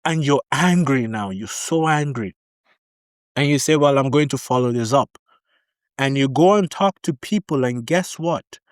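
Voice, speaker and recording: A vlogger talks to camera with casual advice about living in Barbados, telling stories animatedly, acting out both sides of arguments, and repeating key warnings for emphasis. His voice is fairly high, recorded dry at studio quality.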